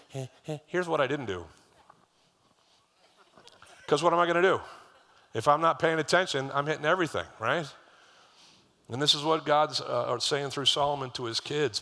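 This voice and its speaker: A man's voice: mid-range voice, pushed and bright. A middle-aged man preaching a sermon as lead pastor, conversational and storytelling, with asides to the congregation. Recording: live church hall reverb.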